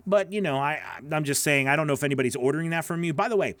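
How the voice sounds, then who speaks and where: A man's voice: a little high, very fast, fairly bright tone, dry recording. A man coaching voice-over artists, reviewing their work live in a chatty, encouraging way with lots of fillers.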